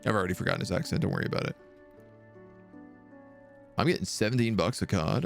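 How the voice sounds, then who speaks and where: A low-voiced man with a gravelly edge, chatting casually as he plays a game on stream. His pitch moves around freely as he jokes and thinks aloud, with faint music in the background. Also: fast. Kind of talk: casual gameplay commentary.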